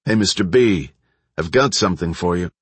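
A man's voice: deep voice, expressive, normal speed, husky, no room sound, exaggerated voice. A man voicing a cocky young male soldier in an audiobook, speaking in a laconic, offhand way.

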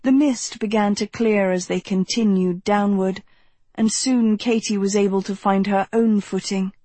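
A woman reading fiction aloud at an unhurried, measured pace. Her voice is husky, and the close recording sounds dry with no room around it. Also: mid-range voice, darkish tone, no room sound. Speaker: audiobook narrator. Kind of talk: scripted narration.

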